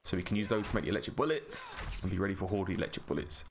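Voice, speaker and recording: A man's voice: sits low, rapid-fire, noisy background. A man hosting a gaming channel, chatting through gameplay in a rambling, self-mocking way. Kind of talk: casual gameplay commentary.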